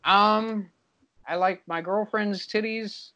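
A man's voice: high-pitched, fairly even intonation, slow pace, pushed and bright. A young man co-hosting a casual sports podcast, hesitant and stammering, laughing along. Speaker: podcast co-host.

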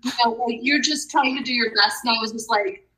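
Woman teacher, a bit high, bright and tense voice, self-mocking storyteller on a video call. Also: a little fast, low-quality recording. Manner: self-deprecating, laughs while telling stories. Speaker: teacher and mother. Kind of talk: casual chat.

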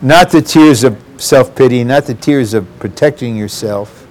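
A man's voice: medium pitch, measured pace, darkish tone. A man preaching a sermon, earnest and addressing the congregation directly.

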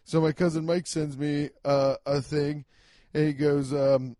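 A young man with a fairly high voice hosts a solo podcast, ranting loudly and emphatically, swearing and laughing at his own slips. He sounds close and dry, with no room around him. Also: little pitch movement, a little slow, no room sound. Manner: loud, emphatic, swearing, self-mocking. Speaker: podcast host. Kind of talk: casual solo podcast rant. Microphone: home podcast mic.

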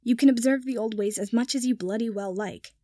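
A woman's voice: on the high side, a little fast, warm tone, no room sound, studio quality, close to an everyday voice. A woman voicing a sour, curt young nobleman who speaks in clipped lines.

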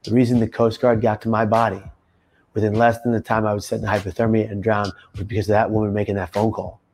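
A man in his thirties telling his own story in an emphatic testimony, rising to loud intense bursts. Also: lowish voice, level tone, quick pace. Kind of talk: personal testimony monologue.

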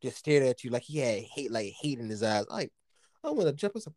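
Young US guy, slightly high voice, dry close sound, rowdy laughing storyteller. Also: fairly quick, no echo. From United States. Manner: animated, profane storytelling with frequent laughter. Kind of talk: casual chat.

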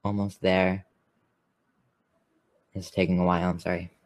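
A man's voice: deep voice, flat delivery, a little slow. A man co-hosting a podcast, chatting casually and rambling with lots of fillers. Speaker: podcast co-host. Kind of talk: casual chat.

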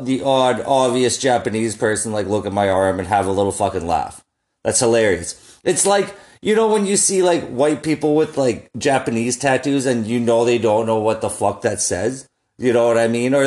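A man's voice: mid-range voice, darkish tone. A young man telling rambling, profane stories in a casual solo chat, often laughing at his own jokes. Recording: echoey room.

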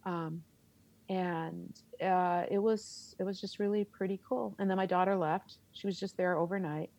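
A middle-aged woman, a theater teacher, telling a story in an interview, animated and laughing as she acts out her reactions. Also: fairly low pitch, normal speed, vocal fry, highs cut off.

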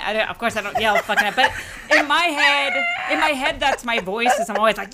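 A middle-aged woman and mother telling a comic story in casual chat, acting out her daughter and herself in sudden high, laughing voices. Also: brisk, background noise. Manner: animated, acts out quotes with big pitch jumps, laughing.

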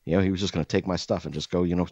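A man's voice: low-pitched, steady tone, rapid-fire, a little mellow, slightly rough, no room sound. A man retelling a jumpy armed investigator. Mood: gruff warning. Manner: rambling, repeats himself. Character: gruff jumpy male field investigator. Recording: dull lo-fi, dry.

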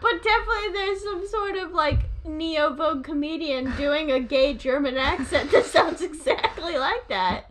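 A woman co-hosting a podcast in casual, playful chat, teasing and quick to laugh. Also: high-pitched, a bit bright. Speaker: podcast co-host.

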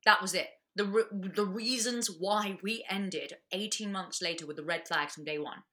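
Blunt, bright-voiced woman. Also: mid-range voice. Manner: blunt, swears freely, fast restarts. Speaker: podcast guest. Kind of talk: candid casual chat.

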